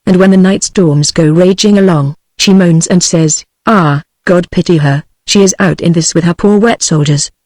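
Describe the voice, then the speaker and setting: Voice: mid-range voice, normal speed, hardly any pauses, darkish tone, no echo, lightly acted. A text-to-speech voice reading the lines of a bewildered, doting old peasant father, as a plain synthetic reading with no voice change. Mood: puzzled.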